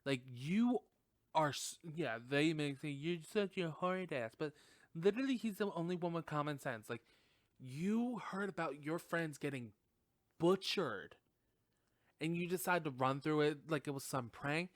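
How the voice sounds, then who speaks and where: A male podcast host giving a rambling, casual movie review, peppered with swearing and "like". His voice sits slightly high, and the recording is dry and close with no room sound. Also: a little slow, dry recording. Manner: animated, profane, rambling with many fillers.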